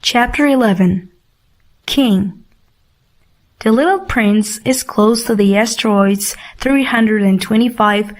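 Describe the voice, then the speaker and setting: A woman reading a storybook audiobook aloud for learners in a clear, measured way. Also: medium pitch. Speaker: audiobook reader. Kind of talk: slow storybook narration for learners.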